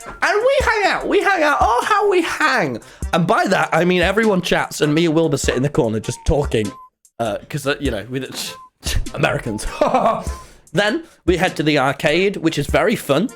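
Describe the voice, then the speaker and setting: Young man, streamer chatting to his audience, lively pitch swings, cursing, faint music underneath. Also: moderate pace. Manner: animated, rambling, swears often. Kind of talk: live-stream storytelling to chat. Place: home streaming room.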